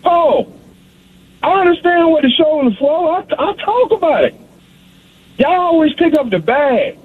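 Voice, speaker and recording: Male caller, high voice, phone-line audio, rapid repetitive rant. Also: very animated. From South Carolina. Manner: fast-talking, repetitive, addresses host by name constantly. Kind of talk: sports call-in rant.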